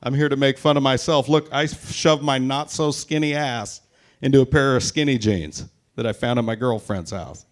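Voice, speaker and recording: A man's voice: mid-range voice, moderate pace. A man in his forties from Tacoma, doing a crude, self-mocking stand-up set live at a brewery into a stage mic. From Tacoma, Washington, US. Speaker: stand-up comedian.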